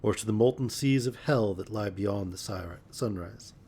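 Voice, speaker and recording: A man voicing a cold, calm male sorcerer who gives orders and reads minds. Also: lowish voice, normal speed, slight background noise, natural voice. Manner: calm, commanding.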